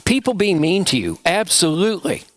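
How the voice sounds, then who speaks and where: A man's voice: sits high, big pitch swings, fairly quick, a bit bright, no room sound. A man leading a children's story time in church, asking the children playful questions. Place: church sanctuary.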